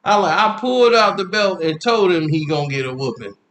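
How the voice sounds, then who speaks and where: Animated man telling a comic story. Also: high-pitched, fairly quick. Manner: animated, acts out the scene, laughs while telling.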